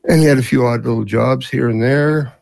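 A man's voice: mid-range voice, brisk, creaky, darkish tone, no room sound. A man in his seventies who grew up in Canada, telling family stories as an interview guest in a rambling way with many fillers. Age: 70s. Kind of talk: storytelling in a casual interview.

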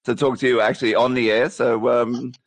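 A man's voice: medium pitch, level tone, brisk. Laid-back man hosting a call-in. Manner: loose, laughing, stumbling restarts. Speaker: podcast host. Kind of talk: casual call-in chat.

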